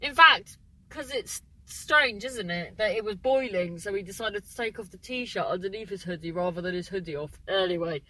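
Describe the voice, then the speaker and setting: A woman's voice: medium pitch, lively intonation, moderate pace, pushed and bright, rough recording. A woman, hosting a casual solo podcast, rambling and breaking off her own sentences. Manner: rambling, chatty, keeps breaking off mid-sentence; exclamatory. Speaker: podcast host.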